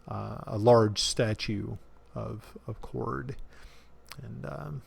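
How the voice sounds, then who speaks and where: A man narrating as dungeon master of a tabletop game, halting often with fillers and restarts. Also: medium pitch, vocal fry, a little mellow.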